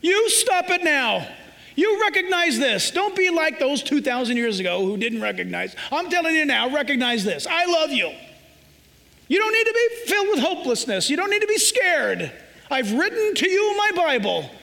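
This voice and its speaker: A man voicing a gentle but firm Jesus who comforts a scared believer with tender scolding. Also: very high-pitched, sing-song, moderate pace, creaky, pitched above the performer's own voice, heavily acted. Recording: preacher in a reverberant hall.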